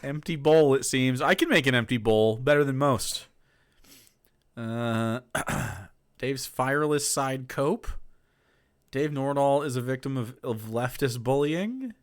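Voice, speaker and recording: A man's voice: medium pitch, slow pace. A man casually reacting to videos on his stream, loose and profane in his remarks.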